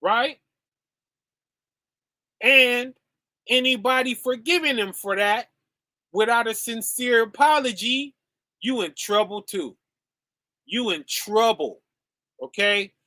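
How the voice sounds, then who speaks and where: Slow, bright-voiced man preaching emphatically. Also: very high-pitched, no room sound, clean studio sound. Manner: emphatic, peppers lines with "okay?" and "right?"; rhetorical questions, slangy. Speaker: podcast host. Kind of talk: preachy commentary.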